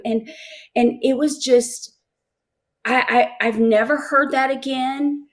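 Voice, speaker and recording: Emotional middle-aged woman, slightly high voice. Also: fairly even intonation. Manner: emotional, halting, repeats words as she searches for them. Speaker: interview guest. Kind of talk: heartfelt personal testimony.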